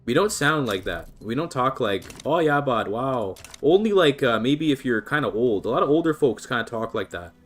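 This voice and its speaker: Speaking a little fast with hardly any pauses, a man of medium pitch lets his voice swing widely up and down. He's a streamer from British Columbia, Canada, giving easygoing, chatty commentary on a strategy game and answering his chat.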